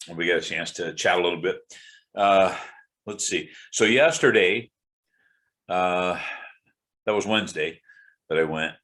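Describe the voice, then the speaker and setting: Tired, congested deep-voiced man. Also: a little slow, long pauses, a bit bright. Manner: rambling, candid, many fillers and restarts. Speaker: video blogger. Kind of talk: casual personal update.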